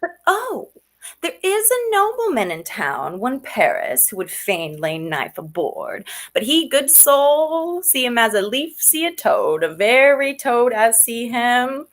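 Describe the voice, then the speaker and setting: A woman's voice: on the high side, big pitch swings, slow pace. A woman playing a garrulous old nurse in a Shakespearean stage drama, rambling and theatrical. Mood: chatty. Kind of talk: Shakespearean stage acting over video call.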